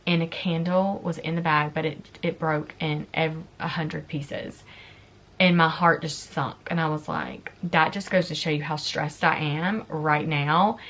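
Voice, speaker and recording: A woman in her thirties with a slightly low voice chats casually through a makeup vlog at home. She tells a personal story openly and turns emotional and tearful along the way, her speech loose and full of fillers. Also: a little slow, a bit bright. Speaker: beauty vlogger. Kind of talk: casual chat.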